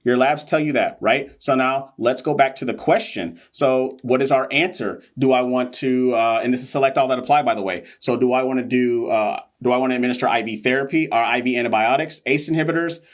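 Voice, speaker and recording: A man's voice: medium pitch, fairly quick, hardly any pauses. A man hosting a live nursing exam review, joking with viewers and reading questions casually. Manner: playful, joking, talks straight to viewers. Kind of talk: casual livestream teaching.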